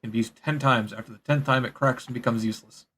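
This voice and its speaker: A man's voice: mid-range voice, fairly even intonation, fast, a bit bright, husky. A man playing a tabletop game, joking with friends and reading item rules aloud. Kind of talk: casual game table chat.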